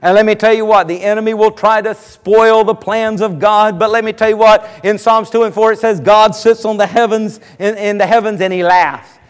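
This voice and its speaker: Pastor guy preaching, super high voice, big echoey hall. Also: steady tone, moderate pace, clean tone. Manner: emphatic, repetitive preaching cadence. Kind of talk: sermon. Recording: long reverb of a large hall.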